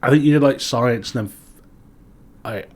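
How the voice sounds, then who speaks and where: A young man with a Manx accent, co-hosting a casual chat podcast, who swears freely and gets animated when he rants. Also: mid-range voice, moderate pace. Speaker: podcast co-host.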